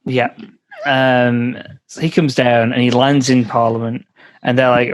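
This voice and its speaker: A man co-hosting a podcast, playful in casual chat, with frequent hesitant pauses. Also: medium pitch, flat delivery. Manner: playful, many "um" pauses, quick laughs. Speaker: podcast co-host.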